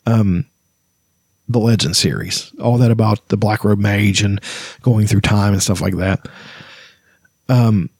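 A man chats about a favorite book in a loose, rambling way, pausing often on "you know". His voice sits low, and the recording is dry and close. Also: fairly even intonation, a little mellow, breathy edge, dry recording. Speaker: book reader and reviewer. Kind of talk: casual book commentary with read-aloud passages.

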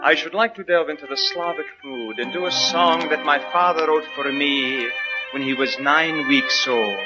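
A man's voice: a little high, loud music behind the voice, pitched below the performer's own voice, natural voice. A man putting on a Russian accent as a sentimental young storyteller in a 1940s radio comedy monologue, on a muffled old broadcast recording. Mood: wistful. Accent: put-on Russian. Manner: wistful, dreamy, slow.

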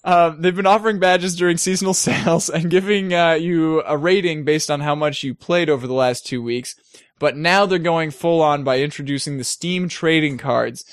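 A young man co-hosting a casual gaming news chat, wry and quick to laugh as he reads news items. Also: a little high, dry recording, clean studio sound. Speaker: co-host.

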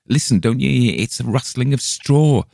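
A man's voice: deep voice, moderate pace, mellow, dry recording, clean studio sound. A man reading an audiobook voices a companion who wakes from a stupor and turns urgent, in a raised, strained voice. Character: German traveller, delirious then urgent and defiant.

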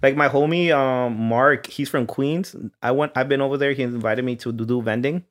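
A man's voice: medium pitch, steady tone, normal speed. A laid-back man from New York chatting as a podcast guest. His voice sits in a middle range for a man. He talks easily and mixes Spanish slang into his speech. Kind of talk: casual chat.

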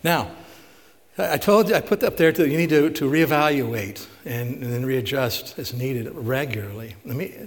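A man's voice: mid-range voice, normal speed. A male pastor giving a conversational sermon, asking the congregation rhetorical questions and retelling stories with emphasis. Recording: long hall reverb.

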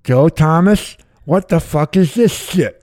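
A man doing an impression of a gruff football head coach who lisps through a mouthful of dip while scolding his team. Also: a little high, animated, unhurried, darkish tone, pitched above the performer's own voice. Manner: lisping, barking complaints.

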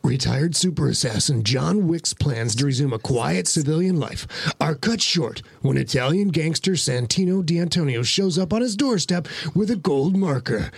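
A man's voice: fairly high pitch, vocal fry, breathy edge, dry recording, heavily acted. A man doing a movie-trailer narrator voice. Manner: dramatic trailer-style read.

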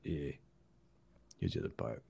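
A man playing a middle-aged tough-guy movie star who rambles in halting, mumbled restarts on a comedy show. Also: rumbling low, expressive, vocal fry, warm tone, slightly rough, heavily acted. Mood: scolding. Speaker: comedy sketch host. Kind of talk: improvised comedy impression.

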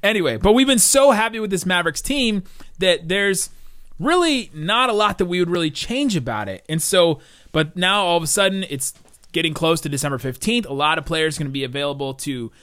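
Chatty higher-voiced male podcast host. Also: fairly quick, smooth, dry recording. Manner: rambling, animated, laughs often. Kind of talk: casual sports podcast chat.

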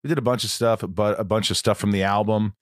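Deep-voiced man hosting a podcast. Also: steady tone, fast talker, no room sound, clean studio sound. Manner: rambling, with self-deprecating humor. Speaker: podcast host. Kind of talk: casual podcast chat.

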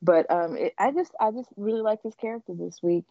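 A woman's voice: medium pitch, fairly quick, no room sound. A woman co-hosting a casual TV recap podcast, who rambles with many fillers and restarts. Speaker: podcast co-host. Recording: dull lo-fi podcast audio.

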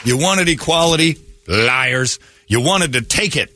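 A man's voice: on the high side, animated, a little slow, noisy background. A man hosting a morning radio comedy show, ranting in a mocking, crude way. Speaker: radio host.

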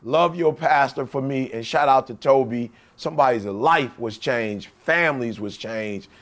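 A man co-hosting a casual podcast, giving playful, hyped shout-outs and laughing along. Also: mid-range voice, measured pace. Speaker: podcast co-host.

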